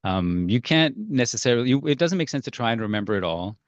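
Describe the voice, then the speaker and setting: A man's voice: medium pitch, lively intonation, fast, dry recording, lo-fi sound. A man leading a parenting workshop, talking casually and telling stories, with fillers and restarts. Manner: conversational, storytelling, frequent fillers and restarts.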